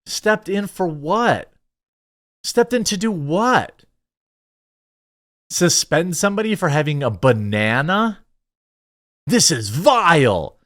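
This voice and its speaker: A man hosts a reaction commentary, sarcastic and mocking in tone. His pitch swings up and down, and he often stammers and restarts mid-sentence. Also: sing-song, slow, long pauses, fairly bright tone. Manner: sarcastic and mocking, bursts of laughter. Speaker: commentary show host.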